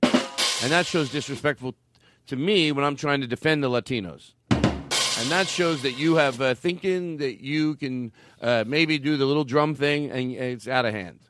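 A man's voice: medium pitch, measured pace, loud music behind the voice. A man hosting a comedy podcast in casual chat, rambling and laughing, with mock outbursts and swearing. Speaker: podcast host.

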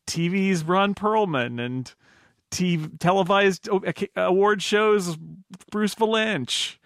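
A man's voice: high-pitched, slow, fairly bright tone, no echo. A man hosting a casual podcast chat, introducing his panel and laughing often. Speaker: podcast host.

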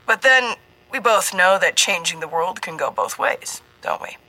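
Woman narrator plays a slick, genial middle-aged man recruiting; booming, oozy emphasis, bright, a touch low. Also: expressive, normal speed, rough recording. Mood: oily genial. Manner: booming, oozing, emphasizes every word.

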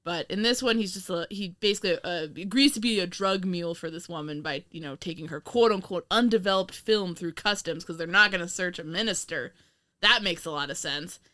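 A woman's voice: on the low side, fairly quick, fairly bright tone. A woman from New York co-hosting a casual film-review podcast, rambling and laughing often, swearing casually. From New York state. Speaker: podcast co-host.

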